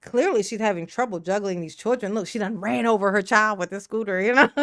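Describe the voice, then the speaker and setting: A woman's voice: mid-range voice, brisk, fairly bright tone, no room sound, studio quality. A woman hosting a casual live stream, reading viewer comments aloud, laughing often and talking in a slangy, emotional way. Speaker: livestream commentary host.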